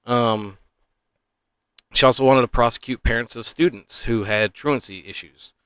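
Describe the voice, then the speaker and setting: A man's voice: medium pitch, moderate pace, fairly bright tone, clean tone, dry recording, studio quality. A man giving casual, opinionated political commentary, rambling and sighing often.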